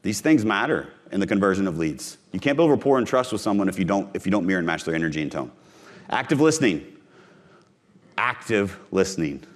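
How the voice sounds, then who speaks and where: A man with a lowish voice delivers a live conference speech on sales. He talks in short, punchy lines, hammers his key phrases again and again, and addresses the crowd directly. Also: expressive, racing, few pauses. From Missouri, USA. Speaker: podcast host giving a sales talk.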